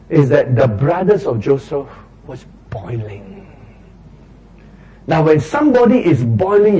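A man's voice: medium pitch, dark tone, husky, rough recording. A man, preaching a sermon and acting out little street quarrels in raised voices.

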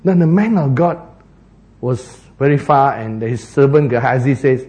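A man's voice: mid-range voice, expressive, moderate pace, darkish tone. A man preaching a sermon, telling the story with animation, laughing often and acting out the characters.

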